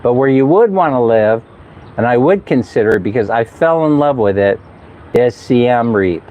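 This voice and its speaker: A man with a medium-pitched, expressive voice chats casually at a moderate pace in a travel vlog, laughing often as he tells stories and mimicking people for fun. The outdoor recording sounds slightly dull.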